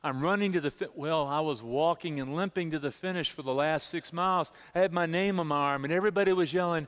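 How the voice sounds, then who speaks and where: A middle-aged male pastor preaching a sermon, telling personal stories in an animated way and repeating words as he stresses them. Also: on the high side, quick pace, few pauses, long reverb tail. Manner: animated storytelling, repeats words when emphasizing.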